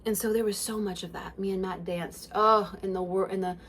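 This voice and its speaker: A woman talks straight into her own podcast in an emphatic spiritual self-help monologue. She swears freely and swings between loud bursts and hushed passages. Her pitch sits in the middle range for a woman. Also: steady tone, a little fast. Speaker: podcast host.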